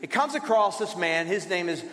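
High-voiced pastor preaching in an echoey hall. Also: male voice, expressive, normal speed, a bit bright. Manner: conversational preaching with rhetorical questions and repetition. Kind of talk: sermon. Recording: roomy hall reverb.

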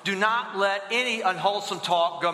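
A man's voice: sits high, moderate pace, bright, forceful tone. A young man preaching a sermon as pastor and leading the congregation in call-and-response. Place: church auditorium. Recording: echoey hall with long reverb.

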